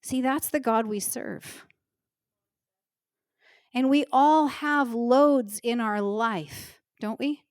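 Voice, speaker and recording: A middle-aged woman pastor preaching a sermon in an earnest, emotional way, slowing down to stress key words. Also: a little high, clean tone, no echo, studio quality. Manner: earnest, emotional, slows down for emphasis. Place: church stage.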